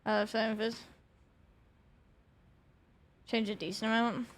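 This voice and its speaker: A woman's voice: fairly high pitch, flat delivery, slow. A young adult woman streaming a game, chatting casually with her viewers in a rambling way, swearing often and laughing a lot.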